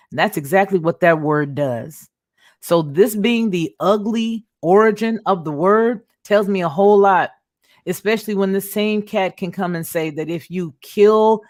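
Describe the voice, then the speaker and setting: A woman's voice: mid-range voice, a little mellow, no echo, clean studio sound. A woman hosting her own show, talking in an emphatic monologue and repeating words for stress. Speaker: host. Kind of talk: monologue commentary.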